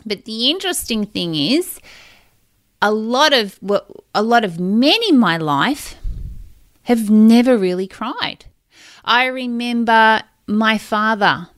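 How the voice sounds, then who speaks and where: A woman's voice: fairly high pitch, lively intonation, slow, fairly bright tone, no room sound, clean studio sound. A woman, hosting a podcast and telling personal stories in a candid, emotional, rambling way. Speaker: podcast host.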